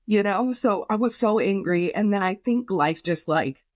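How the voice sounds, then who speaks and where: A woman's voice: mid-range voice, lively intonation, normal speed, no echo. A young woman talks through a painful loss on a podcast, rambling and swearing, stacking fillers and acting out what she and others said. Her voice sits in a middling register and sounds dry and close. It feels raw and unpolished. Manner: rambling, many fillers, swears, quotes herself. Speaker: podcast guest. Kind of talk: emotional personal story.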